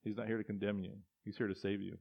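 A man's voice: fairly low pitch, little pitch movement, fast talker, creaky, no room sound. A male pastor preaching a conversational sermon, with restarts and acted-out quotes. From Texas. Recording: dull, muffled dry sound.

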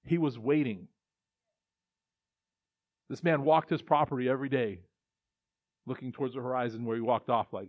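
A male pastor delivers a sermon in a casual, conversational way, stumbling and restarting as he goes and slipping into voices for quoted lines. His voice sits mid-range in pitch. The recording is dry and slightly dull, with little room sound. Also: moderate pace, long pauses, no room sound. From Texas. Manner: conversational preaching with many restarts and acted-out quotes.

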